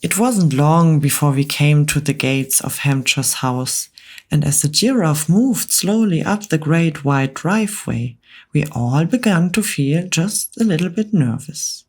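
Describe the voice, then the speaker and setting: A woman reading a storybook aloud in a calm, soft-spoken ASMR whispered role-play. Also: deep voice, a little slow.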